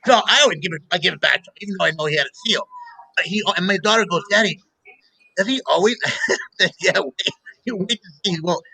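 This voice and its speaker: A middle-aged man hosting a casual chat show, telling animated stories and laughing often. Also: high voice, fast, gravelly, low-quality recording. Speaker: show host. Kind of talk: casual radio-style chat.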